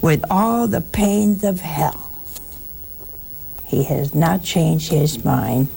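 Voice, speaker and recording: A woman giving a folksy, humorous religious talk to listeners, sometimes dropping into a hushed aside. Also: deep voice, drawn-out words, creaky, pauses often, a little hiss or hum. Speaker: religious speaker. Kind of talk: conversational broadcast talk to listeners.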